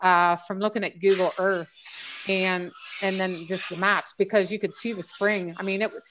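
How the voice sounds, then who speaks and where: A woman's voice: medium pitch, flat delivery, moderate pace, a bit bright, slight background noise. A woman guest on a casual group chat, talking in long rambling stretches with frequent restarts and fillers. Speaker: guest treasure hunter.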